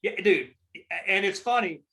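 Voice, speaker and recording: A man's voice: high-pitched, lively intonation, a little slow, pushed and bright, rough recording. A man hosting a casual podcast chat, telling stories in a rambling, emphatic and heavily profane way. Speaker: podcast host.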